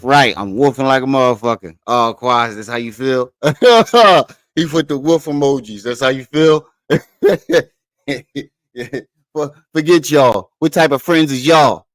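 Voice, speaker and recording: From his living room, a man hosts a casual livestream in an expressive mid-range voice at a slow pace, recorded dry. He curses freely, chats with viewers, and laughs at himself while reading comments, staying profane and laid-back throughout.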